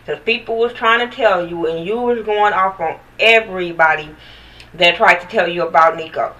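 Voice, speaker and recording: A woman's voice: mid-range voice, moderate pace, pushed and bright, far from the mic, poor audio. A woman giving a blunt, profane, sassy recap of a reality TV episode in casual chat, talking straight to the viewers.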